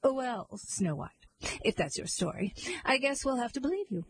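A woman voicing a pompous male leader who lectures sternly, with a slightly husky voice. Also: fairly high pitch, animated, normal speed, low-quality recording. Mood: condescending.

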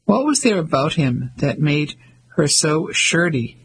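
A man's voice: fairly high pitch, sing-song, measured pace, fairly bright tone, slightly rough, full character voice, low-quality recording. A man voicing a naive, plain-spoken woman. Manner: plain, puzzled. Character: naive English woman Mavis.

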